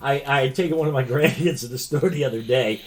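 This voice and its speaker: A man's voice: medium pitch, fast talker, a little hiss or hum. An older man co-hosting a podcast, telling rambling stories in casual chat with crude jokes and frequent laughter. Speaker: podcast co-host.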